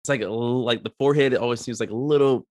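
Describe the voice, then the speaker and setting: A man telling a story as a podcast co-host, animated and rambling with lots of fillers and swearing. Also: mid-range voice, fast talker, no room sound, clean studio sound. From Eritrea. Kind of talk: casual storytelling chat.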